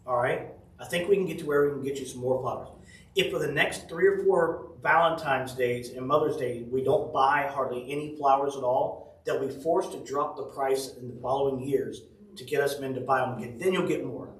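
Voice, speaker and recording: This pastor talks fairly quickly in a mid-range voice, delivering an informal devotional full of homey family stories and soft laughter. The sound is spacious, captured from a distant mic.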